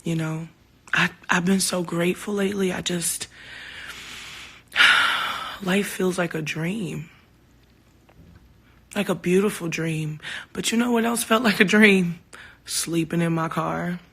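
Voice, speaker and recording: A woman's voice: on the low side, slow, gravelly, long pauses, fairly bright tone, breathy edge. A woman talking casually to her fans on a phone livestream, heartfelt and open, swearing now and then. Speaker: singer hosting a livestream.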